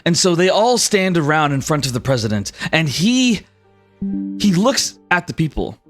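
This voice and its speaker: A man's voice: fairly high pitch, big pitch swings, moderate pace, fairly bright tone, no echo, soft background music. A man narrating as game master on a livestream, rambling and correcting himself as he goes.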